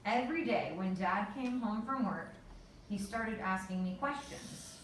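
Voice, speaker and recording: A woman reading a children's story aloud in a measured, unhurried way. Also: medium pitch, slight background noise. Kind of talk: storybook narration. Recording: echoey room, voice from far off.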